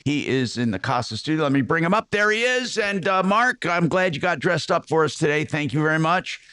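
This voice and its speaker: An older male radio host talks with a lively, swinging pitch, circling back and restarting as he rambles through his opinions. His voice is close and dry, with no room sound at all. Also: brisk, smooth, dry recording. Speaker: radio talk show host. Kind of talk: talk radio monologue.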